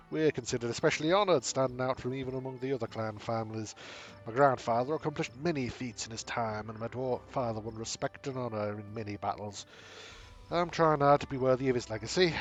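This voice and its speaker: A proud young dwarf warrior , read out by a man, speaking in earnest about his clan's honor. His voice sits in an ordinary middle register, and a soft hint of music plays behind him. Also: medium pitch, natural voice.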